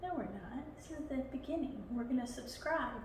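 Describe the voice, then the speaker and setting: A woman's voice: high-pitched, animated, moderate pace, darkish tone, slight background noise. A woman with a Southern US accent, co-hosting a cooking video and teasing her partner as she chats in a home kitchen. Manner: teasing, laughing. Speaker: cooking show co-host. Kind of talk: casual kitchen banter. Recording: echoey room from far off.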